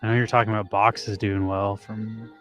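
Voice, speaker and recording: A man casually chatting and reacting to videos as co-host, laid-back and quick to laugh. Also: lowish voice, little pitch movement, a bit bright, soft background music.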